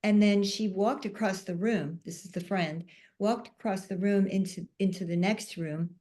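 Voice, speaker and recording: A woman on a panel, telling a personal story in a soft-spoken, emotional way. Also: medium pitch, normal speed. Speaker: panel speaker.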